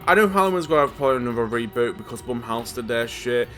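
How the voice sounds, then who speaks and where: A man rants about films in a casual vlog, his bright, sharp voice stumbling over restarts. He sounds exasperated and swears freely, with faint music playing behind him. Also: mid-range voice, animated, fast. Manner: exasperated, stammering, swears often. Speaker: horror movie reviewer.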